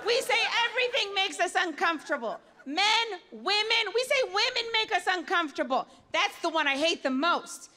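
Sardonic woman comic, very high voice. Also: big pitch swings, normal speed, hardly any pauses, crowd noise, background noise. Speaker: stand-up comedian. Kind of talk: stand-up routine.

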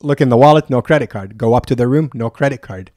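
A man telling a travel story on a podcast in a casual, animated way, swearing freely and acting out what people said. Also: mid-range voice, fast talker. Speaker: podcast guest.

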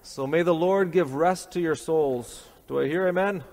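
A man from Canada giving a morning homily as a priest, lively and joking, with many restarts. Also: fairly high pitch, moderate pace, slight background noise. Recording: long hall reverb.

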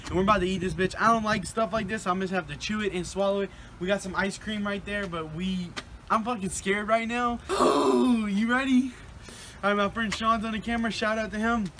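A young man vlogging a challenge, swearing and exclaiming excitedly. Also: high voice, a little fast. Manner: profane, excitable, loud exclamations. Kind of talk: casual challenge vlog. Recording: noisy background.

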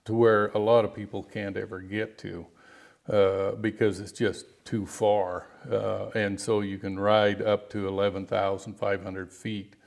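A middle-aged man, a rancher and outfitter, telling stories in an interview in a halting, rambling way with many restarts. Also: on the low side, little pitch movement, gravelly, darkish tone. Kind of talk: storytelling interview guest.

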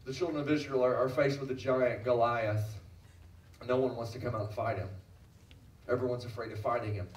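A man's voice: medium pitch, fairly even intonation, brisk. A middle-aged man preaching a sermon as pastor, emphatic and repeating phrases, asking the congregation questions. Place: church sanctuary. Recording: roomy church audio from a distance.

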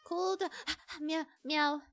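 A woman streamer with a very high, bright voice, chatting through gameplay in an unhurried way. She is excitable, coaxing and pleading, and she talks to an animal as if it were a pet. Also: dry recording. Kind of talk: casual gameplay commentary.

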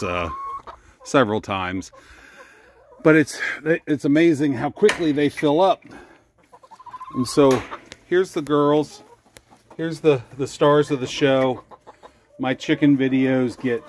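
A man's voice: medium pitch, a little hiss or hum. A man from the Mid-Atlantic US, walking around a backyard chicken coop while vlogging casually, a bit out of breath, with lots of fillers and restarts. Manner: rambling, with many fillers and restarts. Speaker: homesteading vlogger.

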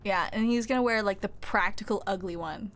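A playful woman chats casually while playing a strategy game on a live stream, laughing often and teasing her co-host. Her voice sits at an ordinary mid pitch. Faint music runs underneath. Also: brisk. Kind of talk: casual live-stream chat over gameplay.

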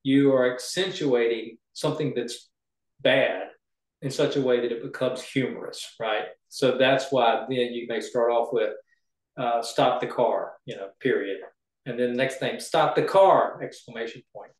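Male writing coach, mid pitch, chatty and example-driven, roomy echo. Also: steady tone, normal speed. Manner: chatty, explains with homey examples. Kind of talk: casual teaching chat.

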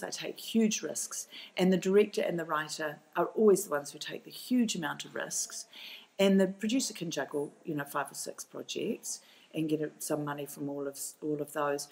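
A woman with a New Zealand accent and a low, steady voice answers interview questions with heat and conviction. She is middle-aged and often restarts her sentences as she presses her point. She speaks about her work as a documentary filmmaker. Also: gravelly, low-quality recording. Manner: passionate, emphatic, many restarts. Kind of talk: podcast interview.

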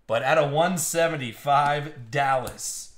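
Excitable man hosting a live card break. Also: a little high, slow pace, roomy sound. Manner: excitable, swings from hype to hushed suspense. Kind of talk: live card-opening commentary.

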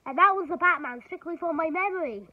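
A woman vlogger excitedly rambling through a film recap from memory, full of filler words. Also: very high-pitched, fast, dull audio.

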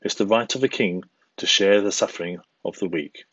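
A man voicing a kind, noble king in a storybook tale, speaking quietly, firmly and gently. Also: on the low side, a little fast, slightly rough, no echo, highs cut off. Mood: calm. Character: calm, kind, noble old-time king.

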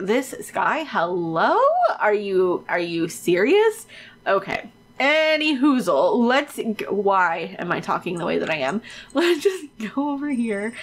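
A woman giving casual, excitable gameplay commentary on her own let's play, chatty and swearing freely. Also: medium pitch.

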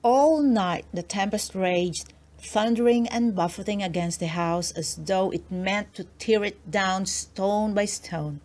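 A woman narrating a children's storybook aloud, slow and expressive. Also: mid-range voice, a little hiss or hum. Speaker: storybook reader.

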